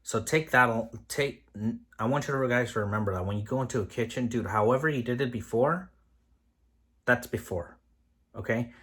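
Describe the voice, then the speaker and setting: A man in his thirties talks straight to camera in a casual vlog about kitchen work. He is candid and rambling, often restarting sentences mid-thought. His voice sits at an ordinary middle pitch. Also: moderate pace, a bit bright, slightly rough. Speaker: line cook and kitchen lead.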